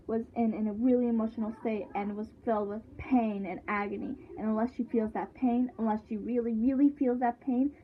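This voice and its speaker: A woman's voice: fairly high pitch, slight background noise. A woman chatting casually as she recaps a show, rambling with lots of fillers and restarts. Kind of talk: casual chat. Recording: tinny phone-like sound.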